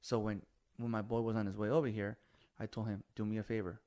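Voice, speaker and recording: A man's voice: on the low side, flat delivery, fast, dark tone. A man in his forties hosting a casual chat, telling stories animatedly and swearing freely, with bits of Spanish. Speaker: podcast host.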